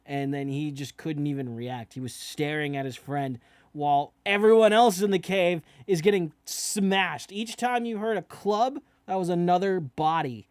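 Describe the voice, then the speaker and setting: A man's voice: a little high, moderate pace, smooth, no room sound. Chatty young man reacting, dry close sound. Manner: chatty, repeats "you know what I mean"; swears casually. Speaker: reaction video host. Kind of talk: casual reaction commentary.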